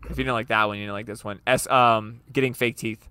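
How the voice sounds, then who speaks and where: A man's voice: fairly low pitch, fairly even intonation, fast, sharp tone, clean tone, dry recording. A man hosting a podcast in casual banter, joking and swearing as he rambles through stories, a little tipsy after a few beers. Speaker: podcast host.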